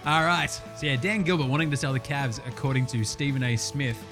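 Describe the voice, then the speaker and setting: A man's voice: medium pitch, brisk, loud music behind the voice. A man with an Australian accent hosting a basketball podcast, ranting brashly and swearing constantly in a jokey way. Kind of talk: profane comedic sports rant.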